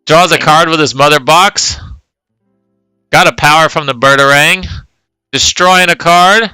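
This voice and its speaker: A man with a very bright, crisp voice, talking casually as he calls a card game tournament move by move. The sound is dry and close. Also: fairly high pitch, measured pace, dry recording, faint music behind, low-quality recording. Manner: casual, play-by-play calling of moves. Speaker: tournament commentator. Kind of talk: live game commentary.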